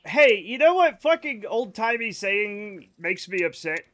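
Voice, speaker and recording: A man's voice: high voice, sing-song, measured pace, a bit bright. A man streaming a game live, rambling casually to his chat in a self-amused way.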